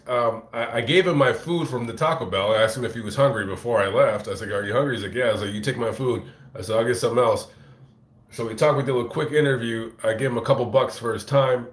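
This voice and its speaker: A man telling a rambling, profane story on a casual live stream, recorded on a phone in a fast-food restaurant. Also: mid-range voice, roomy sound. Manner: rambling, profane, animated retelling. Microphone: phone camera.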